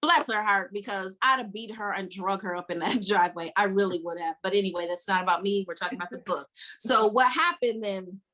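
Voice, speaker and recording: A woman hosting a casual book-club podcast, retelling scenes with lively acted-out quotes. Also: medium pitch, a little fast. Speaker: podcast host.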